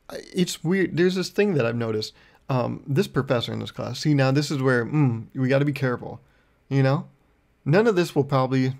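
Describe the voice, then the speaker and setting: A man's voice: medium pitch, vocal fry, darkish tone. A young man hosting his own podcast, telling a rambling, profane story in a casual monologue. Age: young adult. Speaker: podcast host.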